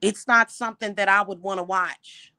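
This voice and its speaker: A woman hosting a livestream, ranting indignantly at her viewers with exasperated rhetorical questions and slow, emphatic repetition. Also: mid-range voice, steady tone, bright, forceful tone, no room sound. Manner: repeats points slowly and emphatically. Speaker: livestream host.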